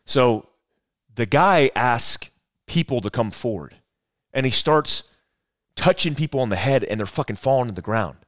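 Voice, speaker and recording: A man's voice: mid-range voice, animated, normal speed, long pauses, dry recording, clean studio sound. A man in his forties, a former soldier, telling a rambling, profane story as a podcast guest. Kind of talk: casual storytelling conversation.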